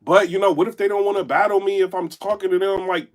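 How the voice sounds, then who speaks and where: A man talking indoors in a casual live-stream commentary, animated and rambling, often checking in with his chat. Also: high voice, quick pace. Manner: animated, rambling, keeps asking "you know what I'm saying". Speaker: battle rap commentator and blogger. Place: indoor room.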